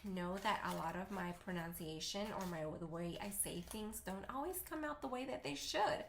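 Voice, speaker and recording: Recorded on her camera mic in a room with noticeable echo, a Spanish-accented vlogger in her thirties, a native Spanish speaker, rambles casually through a makeup tutorial at home. She's chatty and self-deprecating, with a mid-range, slightly bright voice.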